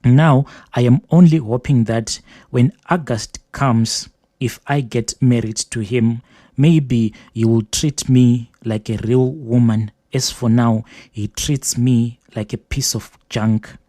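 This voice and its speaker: Male host, reads listener confessions aloud, steady and measured, warm tone, dry sound. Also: mid-range voice, no room sound. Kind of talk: reading a letter aloud.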